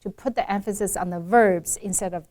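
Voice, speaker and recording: A woman working as an accent coach, explaining and demonstrating English pronunciation slowly and carefully in a lesson chat. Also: mid-range voice, darkish tone.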